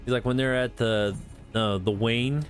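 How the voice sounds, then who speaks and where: A man's voice: medium pitch, fairly even intonation, unhurried, soft background music. A man streaming a game, chatting casually in a rambling, profane way full of fillers. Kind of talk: casual live-stream chat.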